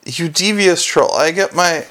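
A man voicing a gruff, touchy male dwarf recruit who grumbles grimly. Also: a little high, a little slow, pushed and bright. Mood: grumbling.

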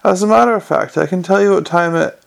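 A man's voice: sits high, quick pace, gravelly, pitched above the performer's own voice. A man voicing a weary, dry middle-aged commander of the city watch who speaks tersely.

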